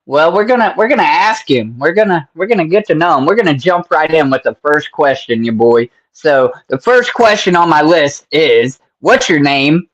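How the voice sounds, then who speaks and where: A man hosts a casual interview, friendly and talkative, laughing and throwing in slang. His voice sits somewhat high for a man, and he rambles loosely as he works through his questions. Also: lively intonation, moderate pace, few pauses, a bit bright, lo-fi sound. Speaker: interview host.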